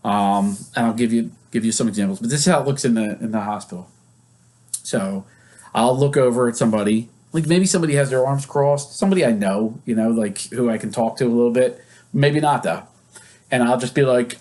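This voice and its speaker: A man's voice: medium pitch, a little fast, darkish tone. A male psychologist who leads therapy groups, teaching casually and acting out example scenes in quoted voices. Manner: conversational, with many fillers.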